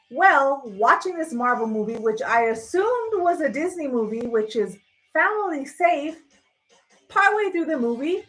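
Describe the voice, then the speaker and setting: Woman host, fairly high voice, animated sarcastic rant, faint music behind. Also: poor audio. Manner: animated, sarcastic, swears freely. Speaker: livestream host. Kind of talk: casual rant.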